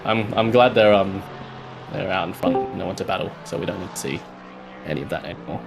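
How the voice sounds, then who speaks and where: A man's voice: low voice, a little fast, vocal fry, over loud music. A man commentating on a live sim race in casual, joking banter.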